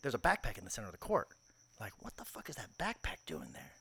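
A man's voice: fairly low pitch, huge pitch swings, quick pace, gravelly, a bit bright, slightly rough. A man on a casual podcast telling a long story, acting out the quotes and swearing freely. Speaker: podcast co-host.

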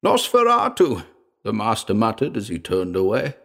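Man, audiobook horror narration, gravelly voice, lively pitch, dramatic delivery. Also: a little slow. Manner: dramatic, expressive reading.

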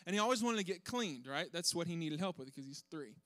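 Man, high-pitched, animated, self-deprecating storyteller, dry close mic. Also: fast talker, no echo. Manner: animated, self-deprecating, acts out his kids' voices. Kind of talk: comedic storytelling to an audience.

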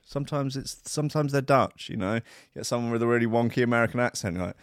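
A man hosting a radio show alone, rambling in a sardonic, sweary way, swinging from loud asides to mutters. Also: medium pitch, quick pace, hardly any pauses, dry recording, studio quality. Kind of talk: rambling solo radio banter.

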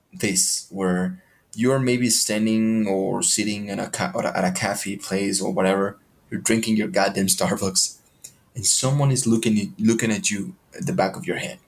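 A man with a low-pitched voice hosts a podcast in an animated, questioning way. His motivational monologue is peppered with casual swearing. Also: measured pace.

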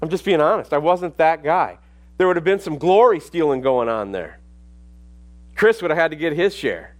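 A man's voice: fairly high pitch, expressive, normal speed. A middle-aged man preaching a sermon, telling a personal story and building to emphatic, repetitive exhortation. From Minneapolis. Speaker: pastor.

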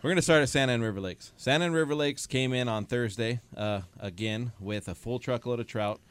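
A man co-hosting a fishing radio show, telling a catch story with lively acted-out dialogue from a studio. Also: mid-range voice, fast talker, smooth. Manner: animated storyteller, acts out phone dialogue. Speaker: fishing report co-host. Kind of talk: casual radio talk.

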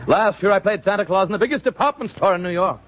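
A man's voice: high voice, quick pace, fairly bright tone. An actor playing a vain, washed-up male actor who works as a store Santa, grandiose and outraged, in 1940s radio acting. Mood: indignant. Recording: dull lo-fi old radio recording.

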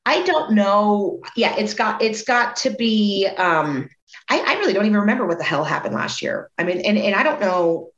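In a casual group chat, a middle-aged woman talks candidly and bluntly, swearing freely and acting out the people she quotes. Her medium-pitched voice is very animated at normal speed, and the recording is roomy with a dull, lo-fi sound.

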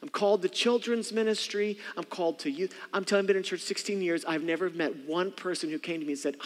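A man preaching a sermon as pastor, animated, acting out voices and calling for responses from the congregation. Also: high voice, fast, few pauses, in a large hall. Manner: animated, acts out voices, calls for audience response. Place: church sanctuary.

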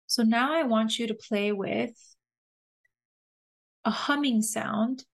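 Woman gently guiding a breathing exercise. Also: on the high side, vocal fry. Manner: gentle, slow guiding instructions with soft laughs. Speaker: podcast host leading a somatic exercise. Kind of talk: guided breathing and humming exercise.

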